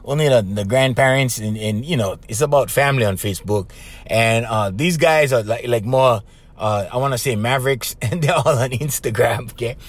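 A podcast host with a Hawaiian Pidgin accent runs a loose, chatty monologue, laughing often and saying "bro" a lot. He speaks at normal speed in a medium-pitched voice.

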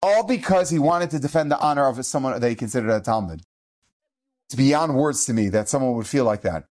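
A middle-aged rabbi delivers an earnest, inspirational eulogy, telling stories laced with Hebrew and Yiddish terms. His medium-pitched voice moves fairly quickly, and he acts out quoted speech in lively, shifting voices.

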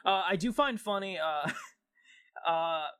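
Man co-host, bright, halting, keeps recapping the bit. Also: sits high, lively intonation, clear, resonant tone, no echo, studio quality. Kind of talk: casual comedy chat.

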